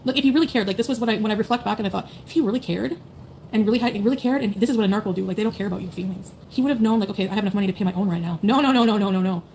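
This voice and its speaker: Woman streamer in her 30s, rapid and blunt, swears freely, faint background hiss. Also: medium pitch, a little mellow. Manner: blunt, profane, rambling with many "like"s and "you know"s. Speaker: streamer talking to chat. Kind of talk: casual livestream chat.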